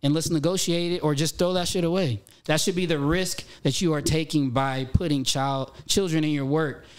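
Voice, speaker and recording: A man in his thirties, a podcast guest, talking in animated casual chat and swearing freely. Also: on the high side, moderate pace. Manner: animated, swears casually, frequent "you know". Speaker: podcast guest, former child actor.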